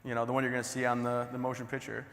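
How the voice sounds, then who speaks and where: Bright-voiced man telling jokey stories. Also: medium pitch, completely flat delivery, rapid-fire, creaky. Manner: joking, conversational, self-deprecating. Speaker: motivational speaker. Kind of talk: humorous storytelling keynote. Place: large conference hall. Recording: long hall reverb.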